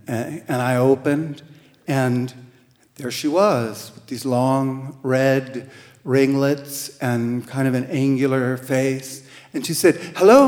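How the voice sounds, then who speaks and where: A man at a middle pitch telling a true story live, gently and wryly, stumbling over a word now and then. He takes his time with every phrase. His voice rings with a long reverb off a large hall. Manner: slow, gentle and wry, with hesitant restarts. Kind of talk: live first-person storytelling on stage.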